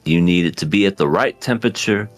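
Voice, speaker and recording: A man co-hosting a casual podcast, telling crude, drawn-out stories and laughing often. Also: low voice, soft background music. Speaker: podcast co-host.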